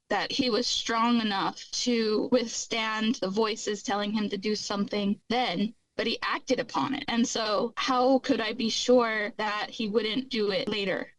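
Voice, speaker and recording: In a low-quality recording, a middle-aged woman with a mid-range voice appears as a guest and earnestly recounts her own difficult past in a candid personal testimony.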